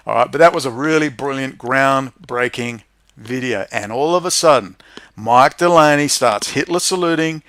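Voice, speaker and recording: A man hosting a livestream, ranting profanely to his viewers and swinging between muttering and shouting. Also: medium pitch, no room sound. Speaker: livestream host.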